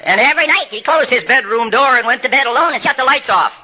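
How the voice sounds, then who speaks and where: A man's voice: very high-pitched, fast talker, hardly any pauses, pushed and bright. An older man speaking at a recovery workshop, telling humorous stories that build to punchlines, with blunt, salty language. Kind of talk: storytelling talk at a recovery workshop.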